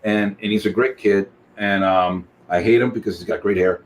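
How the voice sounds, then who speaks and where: Deep-voiced man with a Spanish accent. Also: fairly even intonation, moderate pace, slight background noise. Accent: Spanish-accented English. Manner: rambling, joking, many fillers. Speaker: guest artist. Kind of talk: casual video chat.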